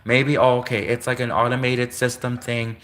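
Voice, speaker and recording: A man's voice: mid-range voice, flat delivery, normal speed, a bit bright. A young Canadian man hosting his own channel, ranting in an indignant, sarcastic monologue full of repetition. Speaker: channel host.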